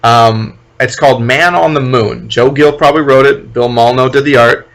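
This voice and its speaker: A man co-hosting a podcast, chatting casually. He stops and starts a lot with ums and restarts, then gives his opinions bluntly. His voice sits at an ordinary pitch for a man. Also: normal speed, a bit bright. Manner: hesitant, many ums, blunt and critical. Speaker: podcast co-host. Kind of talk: casual chat.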